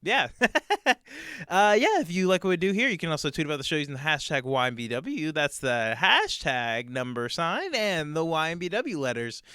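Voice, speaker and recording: A man's voice: fairly high pitch, sing-song, normal speed, bright, forceful tone, clean tone, dry recording, studio quality. A man narrating a tabletop game as game master and host, chatty and full of fillers.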